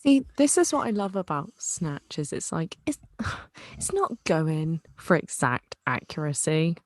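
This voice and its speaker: A woman's voice: sits low, sing-song, a little slow, dry recording, clean studio sound. A young woman co-hosting a casual podcast chat, frank and opinionated, swearing casually. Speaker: podcast co-host.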